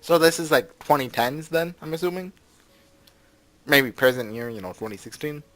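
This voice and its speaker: A man's voice: on the high side, expressive, normal speed, a bit bright. A man hosting a let's play, reading a visual novel aloud and breaking off for sarcastic, jokey asides. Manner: sarcastic, jokey asides between read lines.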